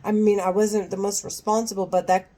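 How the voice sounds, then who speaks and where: A woman's voice: mid-range voice, little pitch movement, fairly quick, dark tone. A woman at home speaking to her camera in an agitated monologue, angry and profane, often stopping and restarting her sentences. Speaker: vlogger.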